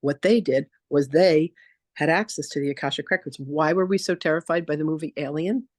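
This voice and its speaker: A woman spiritual teacher leading a masterclass, telling stories in a chatty, animated way with lots of casual fillers. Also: low voice, fairly quick, no room sound, studio quality. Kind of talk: casual storytelling lecture.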